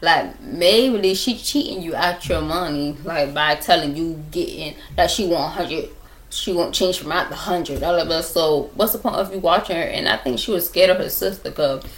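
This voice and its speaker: A young woman with a gravelly, fry-edged voice on the low side spins a rambling storytime for her viewers. She circles back over the same points and speaks to them directly, recorded on a laptop at home. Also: a bit bright. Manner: rambling, repeats herself, talks straight to viewers. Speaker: vlogger telling stories. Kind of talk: casual storytime chat.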